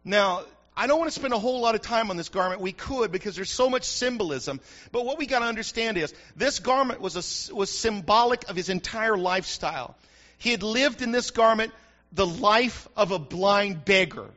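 Male pastor, very high bright voice, fervent sermon delivery, dull lo-fi recording. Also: expressive, moderate pace. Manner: fervent preaching, asking the congregation for response. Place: church.

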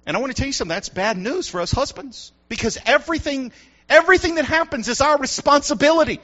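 A middle-aged pastor preaches in a high, lively voice, swinging up and down as he calls out to his congregation. His tone is bright and forceful. The recording sounds dull and lo-fi. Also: fast talker. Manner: preachy call-and-response, "come on" asides. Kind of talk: sermon.

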